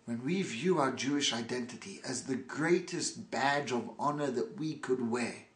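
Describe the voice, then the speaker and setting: A male rabbi giving a sermon, slow and emphatic with dramatic pauses. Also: mid-range voice, echoey room.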